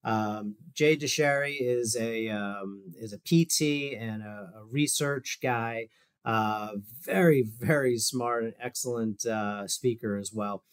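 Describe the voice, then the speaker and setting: Man, physical therapist, video-call presentation, conversational, filler words, medium pitch. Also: slow, smooth. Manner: loose and conversational, with fillers and asides. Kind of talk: casual presentation over shared screen.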